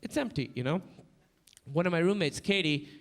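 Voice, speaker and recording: A man from Pakistan telling a stand-up comedy story on stage, animated, breaking into panicked shouted voices. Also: a little high, normal speed, big-room sound. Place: comedy stage before a live audience.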